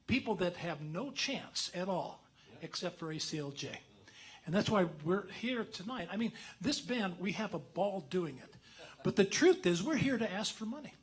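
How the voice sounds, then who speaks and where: A man in a band speaking casually on stage at a concert, making an earnest, halting fundraising appeal with restarts and self-mocking laughs. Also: high-pitched, animated.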